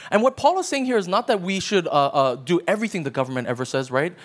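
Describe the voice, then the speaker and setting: A man's voice: high voice, lively intonation, quick pace. A man preaching a sermon as pastor, conversational and emphatic, often checking in with his listeners. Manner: conversational preaching with frequent "right?" asides.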